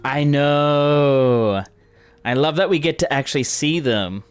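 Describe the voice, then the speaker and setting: A man playing through a game and commenting casually, with excitable, gushing exclamations. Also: on the high side, takes it slowly, clear, resonant tone. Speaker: gamer streamer. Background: game music.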